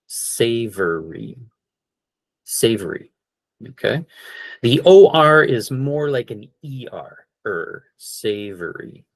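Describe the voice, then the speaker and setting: A man teaching an online English class, slowly repeating each word and checking in with "okay?". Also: medium pitch, dry recording. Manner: slow, repeats words for practice, frequent "okay?".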